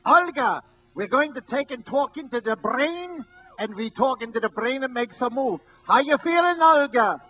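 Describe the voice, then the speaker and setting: A man voicing a brash male sideshow barker from the 1930s, loud and showy, on a stage before a live audience. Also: animated, moderate pace, full character voice, poor audio. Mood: hawking. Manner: loud, showy pitchman patter.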